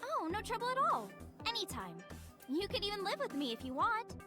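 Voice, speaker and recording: A woman's voice: extremely high pitch, sing-song, brisk. An actress voicing a sweet, upbeat young woman in a video game, with a chirpy, bouncy delivery. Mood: cheerful. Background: game music.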